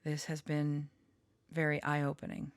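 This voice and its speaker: Slow low-voiced woman, gravelly. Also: completely flat delivery, dry recording. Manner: slow, halting, with many pauses and fillers. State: short on sleep. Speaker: tarot reader and storyteller. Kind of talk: personal reflective vlog talk.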